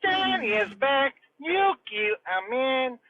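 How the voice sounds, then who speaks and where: A man's voice: extremely high pitch, lively intonation, slow pace, lo-fi sound, crowd noise. A man joining a casual chat over a call, jokey and fond of mimicking film lines and accents. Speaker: guest friend.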